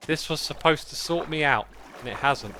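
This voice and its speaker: A man's voice: on the high side, normal speed, bright, forceful tone, slight background noise. A man streaming a game live, chatting and muttering to himself as he plays. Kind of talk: casual gaming livestream commentary.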